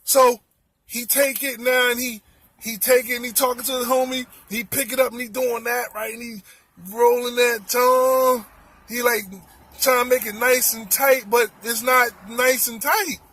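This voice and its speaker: A man telling a comic story in an animated, exclaiming way, repeating his words. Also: very high voice, moderate pace.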